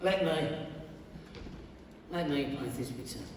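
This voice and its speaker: A man's voice: a little high, slow, darkish tone, slight background noise, pitched below the performer's own voice. A man on stage playing a vain, eager male weaver who fancies himself a great actor, declaiming pompously. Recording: echoey theatre hall from far off.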